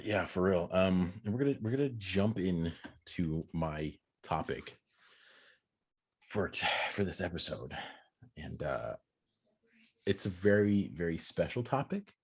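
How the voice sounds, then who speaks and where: A man's voice: sits low, lively intonation, unhurried, long pauses, a little mellow, husky. A young man hosting a podcast, joking and playful in casual chat with friends. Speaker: podcast host.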